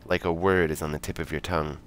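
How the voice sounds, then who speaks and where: A man's voice: low-pitched, fast, a little hiss or hum. A man streaming himself reading a narrative game aloud, with casual comments in between. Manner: animated, reads narration in second person.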